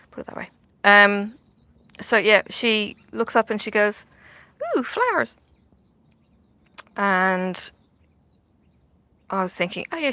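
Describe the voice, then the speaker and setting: A woman's voice: medium pitch, bright, forceful tone, dry recording. A middle-aged woman, chatting casually while she stitches outdoors in the sun, rambling with many fillers and dropping into half-whispered asides. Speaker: vlogger.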